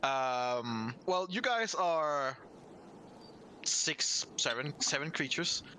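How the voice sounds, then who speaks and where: Man, game master, loose chatty narration, bright tone, light background hiss. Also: fairly high pitch, animated, extremely slow. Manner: loose, rambling narration full of fillers and laughs.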